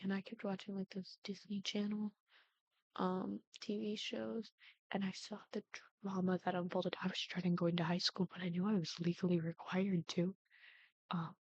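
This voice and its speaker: A woman's voice: medium pitch, fairly even intonation, moderate pace, dry recording. A young woman YouTuber chatting casually over gameplay, rambling with frequent ums. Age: young adult. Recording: dull lo-fi dry sound.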